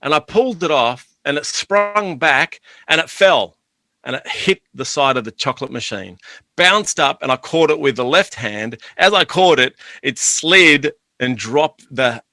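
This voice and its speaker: Aussie guy on a podcast, bright and punchy, dry close sound, acting out stories with lots of energy. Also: medium pitch, normal speed, no room sound. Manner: animated, laughing storyteller acting out scenes. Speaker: guest. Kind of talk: podcast interview, anecdotal storytelling.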